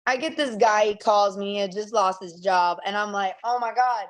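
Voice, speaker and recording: A young adult woman telling a story on a podcast in a casual, animated way, laughing often and acting out the people she quotes. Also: mid-range voice, normal speed. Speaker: podcast guest.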